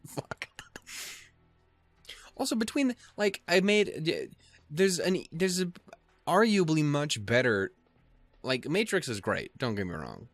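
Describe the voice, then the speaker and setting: A man's voice: fairly high pitch, sing-song, unhurried, long pauses, no echo, soft background music. A young man hosting a let's play, swearing and joking as he reads the game text aloud. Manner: crude, joking, swears a lot. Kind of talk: casual game commentary.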